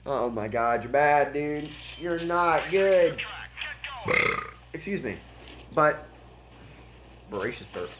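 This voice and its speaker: A man's voice: a little high, lively intonation, slow pace, long pauses, background noise. A man giving casual, blunt commentary over a gameplay replay, mocking and laughing at his opponent. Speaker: gaming video creator.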